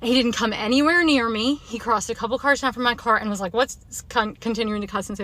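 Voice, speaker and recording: A woman's voice: a little high, a little fast, hardly any pauses, pushed and bright, dry recording. Shaken, emphatic woman telling a story. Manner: shaken, emphatic, repeats herself. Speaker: woman in a social media clip. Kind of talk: agitated personal story to camera.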